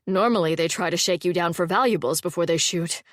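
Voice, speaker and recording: A woman's voice: lowish voice, brisk, no echo, close to an everyday voice. An earnest priest, read by a woman, speaks in a plain, matter-of-fact way. The audiobook recording is dry and close. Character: priest of a rat god, earnest, practical. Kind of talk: audiobook character voice.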